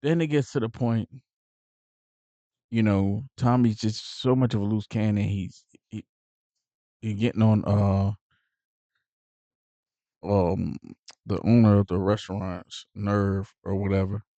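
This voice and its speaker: A man recaps a movie casually, rambling through fillers and restarts. His voice is mellow and relaxed, recorded dry and close. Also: on the low side, slow, pauses often, dry recording, dull audio. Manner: animated retelling with acted-out quotes. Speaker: movie reviewer.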